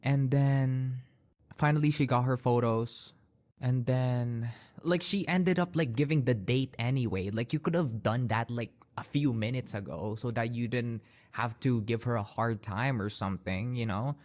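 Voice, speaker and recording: A young male podcast host talks through his stories at a slow pace. He is casual and easygoing, with many fillers and restarts. His voice sits at a middling pitch. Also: a little mellow. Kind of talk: casual storytelling monologue.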